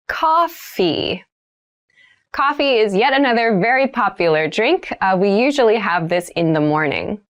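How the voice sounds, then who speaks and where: Female vocabulary teacher, very slow and careful, lively pitch, repeats every word. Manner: repeats each word and example sentence three times, explaining plainly. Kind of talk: slow, clear vocabulary lesson with repeated words.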